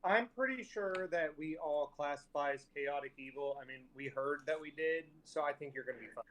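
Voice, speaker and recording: A man is playing a tabletop game and throwing teasing, crude jokes at the others. His voice sits a little higher than most men's. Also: moderate pace, fairly bright tone. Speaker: player. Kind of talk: casual tabletop game chat.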